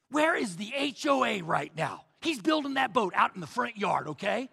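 A man's voice: sits high, very animated, moderate pace, gravelly, few pauses, pushed and bright, breathy edge, long reverb tail. A male pastor preaching a sermon with emphatic repetition, often addressing the crowd as folks.

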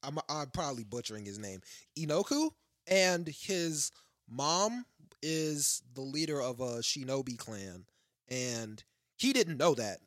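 Lively young man in casual chat. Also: medium pitch, a little slow, dry recording, studio quality. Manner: lively, laid-back slang, trails off and restarts.

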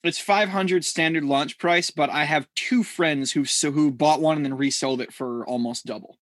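A man's voice: fairly high pitch, moderate pace, a bit bright, dry recording. A man from Connecticut co-hosting a casual podcast, rambling and joking, with casual swearing. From Connecticut, USA. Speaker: podcast co-host. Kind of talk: casual chat.

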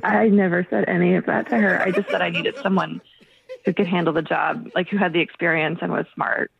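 A woman's voice: lowish voice, fairly even intonation, fairly quick, gravelly, a crowd in the background. A woman on a phone call, confused and incredulous. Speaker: prank call target. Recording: dull phone audio.

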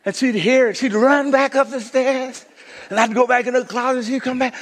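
A male pastor preaching a sermon, telling a story, then swinging from shouts to hushed intensity. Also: very high voice, fairly quick, in a large hall.

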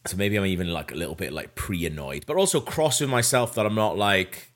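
A man's voice: deep voice, lively intonation, fairly quick, fairly bright tone. A man, telling a story as a podcast host in a rambling way, full of fillers. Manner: rambling, with many fillers and self-corrections. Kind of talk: casual storytelling.

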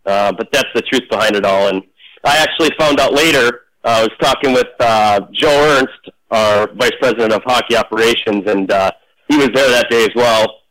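A man, a former referee, telling stories casually in an interview, animated and full of restarts. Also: mid-range voice, normal speed, low-quality recording. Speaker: hockey officiating manager, former referee.

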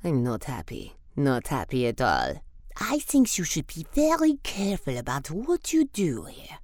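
A woman's voice: deep voice, wildly swooping pitch, a little mellow, dry recording, clean studio sound, pitched below the performer's own voice, full character voice. A woman voicing a menacing villain who coldly orders a prisoner to rot in a cell. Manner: slow, threatening commands.

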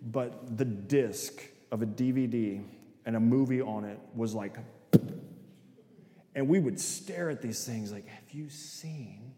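A man's voice: medium pitch, unhurried, mellow. A middle-aged man giving a sermon-style talk, telling stories, acting out voices and often asking the audience "right?". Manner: acts out voices in quotes. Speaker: speaker. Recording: echoey hall with long reverb.

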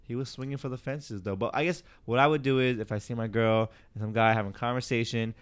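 Speaking fast and smoothly in a steady, mid-range tone, a male podcast co-host chats in a casual, animated way. He slips into character voices as his story unfolds.

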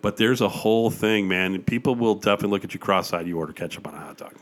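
This older Wisconsin man, a guest in a casual chat, has a fairly low-pitched voice and talks at a quick pace. Eager to share his stories, he fills them with frequent "uh"s.

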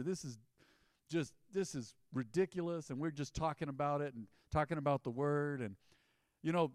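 A man's voice: mid-range voice, clear, resonant tone, no room sound, studio quality. A man preaching a sermon as pastor, in an emphatic, conversational style with rising bursts.

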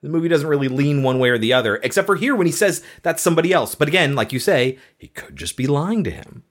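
Lively-voiced man reviewing a film. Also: on the high side, quick pace. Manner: conversational, quotes film lines, laughs easily. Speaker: podcast host. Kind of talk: casual film review chat.

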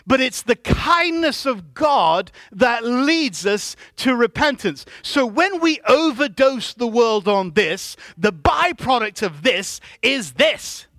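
A man preaching a sermon in a church, calling on the congregation to answer back and rising to loud emphatic shouts. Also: very high-pitched, lively intonation, slow pace, hardly any pauses, no room sound. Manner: preaching with call-and-response to the congregation. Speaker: pastor.

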